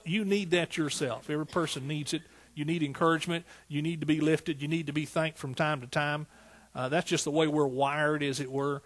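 A man with an East Texas accent preaching a sermon in a folksy, animated way, full of rhetorical questions. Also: on the high side. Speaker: pastor.

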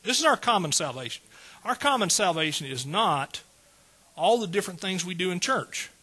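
A man's voice: high-pitched, big pitch swings, moderate pace, pushed and bright, breathy edge. A male preacher giving a folksy sermon and calling out questions to his congregation.

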